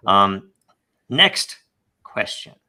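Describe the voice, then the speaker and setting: A man's voice: on the low side, big pitch swings, extremely slow, sharp tone. A man hosting a podcast, reading listener questions and giving emphatic, rambling opinions, often laughing. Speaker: podcast host. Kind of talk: casual podcast discussion.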